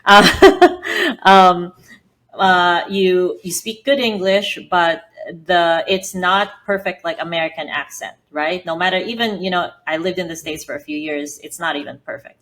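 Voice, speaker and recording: Filipino-accented woman, lowish voice. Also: steady tone, moderate pace, few pauses, a bit bright. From Philippines. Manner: earnest and explanatory, with frequent fillers. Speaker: podcast guest, business founder. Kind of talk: interview answers.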